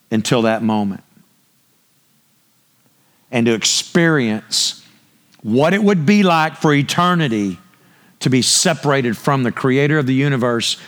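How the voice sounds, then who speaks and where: A man's voice: mid-range voice, a bit bright. A man preaching a sermon, speaking emphatically and posing rhetorical questions to the congregation. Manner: draws listeners in with repeated cues.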